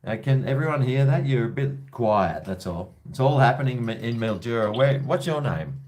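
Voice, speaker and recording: A man's voice: medium pitch, animated, normal speed, darkish tone, slight background noise. An Australian man from Brisbane hosting a casual call-in show, with jokey, blokey banter. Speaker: host of a call-in livestream.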